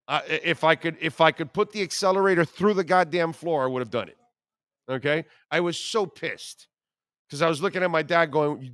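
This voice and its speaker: A man in his fifties hosts sports talk radio with a slightly high voice. He tells stories in a brash, profane, joking way. The studio sound is dry and close. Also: a little fast, a bit bright, dry recording.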